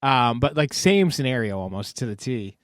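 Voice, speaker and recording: A man's voice: mid-range voice, animated, moderate pace, dry recording, studio quality. A man co-hosting a podcast who jumps in with chatty comparisons. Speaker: podcast co-host. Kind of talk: casual chat.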